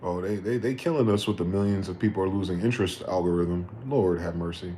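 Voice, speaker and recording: Male livestream host, low mellow voice, rambling profane commentary, faint noise behind. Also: fast.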